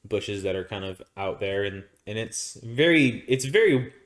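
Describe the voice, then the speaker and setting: A man from Arizona who co-hosts a podcast has a fairly low, expressive voice and a measured pace. He tells a long, rambling story in a casual way, often restarting and using fillers.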